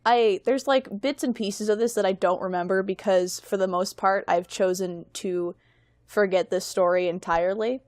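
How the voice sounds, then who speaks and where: A woman's voice: medium pitch, steady tone, normal speed, a little mellow, dry recording. Young woman guest, self-mocking storyteller, rambling podcast chat, dry close sound.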